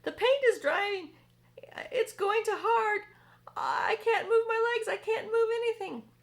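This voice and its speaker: A woman voicing a frantic, whiny male centipede in a storybook reading, with a shrill, wailing manner. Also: animated, a little slow, fairly bright tone, heavily acted. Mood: pleading.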